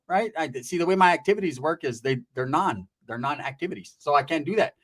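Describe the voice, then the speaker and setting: A man with a notably high voice spins a comic street story. He talks loose and profane, packed with slang, and jumps between his own voice and the people in the story. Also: quick pace, few pauses, a bit bright.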